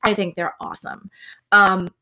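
A woman co-hosting a podcast in casual chat, playful and confessional, often breaking into loud laughter. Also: mid-range voice, huge pitch swings, normal speed, creaky, rough recording. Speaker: podcast co-host.

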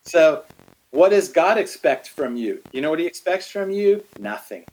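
A middle-aged man in a casual faith conversation, animated, acting out quotes as he tells stories. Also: fairly high pitch, normal speed, poor audio.

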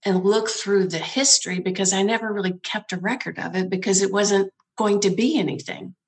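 A woman's voice: mid-range voice, fairly even intonation, brisk. A woman who founded a nonprofit, telling her story in a conversational interview, laughing often and acting out the people she quotes.

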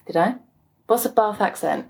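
A woman's voice: mid-range voice, lively intonation, normal speed, vocal fry, a little mellow, breathy edge. A woman co-hosting a student podcast, chatting in a bubbly way with lots of fillers. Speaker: podcast co-host, osteopathy student. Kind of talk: casual chat.

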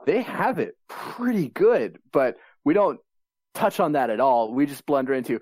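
Animated man critiquing on a podcast. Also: medium pitch, moderate pace, no room sound. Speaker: podcast co-host. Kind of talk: casual critique.

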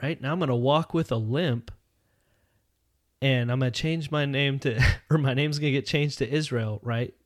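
An earnest man co-hosts a casual faith talk, working through his thoughts aloud with many restarts. His voice sits at an ordinary middle pitch. The sound is dry and close. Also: normal speed, dry recording. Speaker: podcast co-host.

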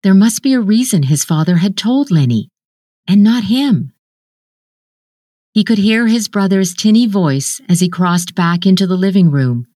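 A woman narrating a literary short story in a measured, even storytelling manner. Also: mid-range voice, no room sound, studio quality.

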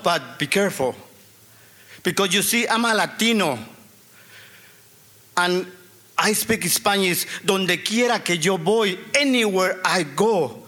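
A middle-aged man tells his own story to an audience, earnest and emphatic, leaning on repeated phrases. His voice sits high and sounds bright and forceful. He speaks as a storyteller rather than a reader. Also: expressive, unhurried. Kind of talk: personal storytelling before an audience.

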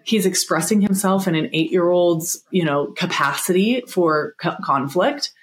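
Animated woman, therapist guest. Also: unhurried. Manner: animated, acts out quotes with big pitch jumps. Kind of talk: casual podcast conversation.

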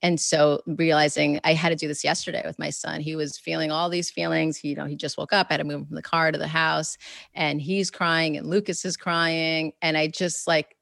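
A low-pitched woman with a gravelly edge to her voice, speaking in a relaxed, reflective interview tone. She circles back and restarts her thoughts often, full of "you know" and "like". The sound is close and dry, with no room around it. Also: fairly quick, dry recording. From New York. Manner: warm, reflective, many fillers and restarts. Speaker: guest author and educator. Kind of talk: casual interview conversation.

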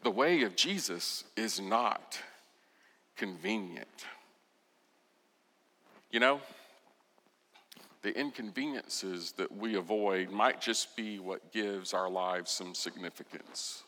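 A man preaching a sermon as pastor, telling the story with expression and acting out quoted lines, sometimes dropping to a soft, intense voice. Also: lowish voice, takes it slowly, long pauses, long reverb tail.

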